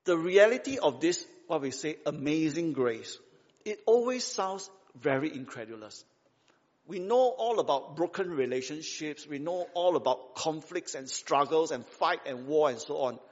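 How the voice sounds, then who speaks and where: A man's voice: on the high side, expressive, normal speed. A man preaching a sermon in a conversational, emphatic way, full of rhetorical questions and tag questions. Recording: dull sound with long hall reverb.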